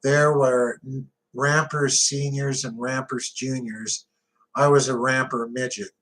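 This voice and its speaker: Slow, gritty male audiobook narrator. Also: medium pitch, little pitch movement, fairly bright tone, low-quality recording. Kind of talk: first-person audiobook narration.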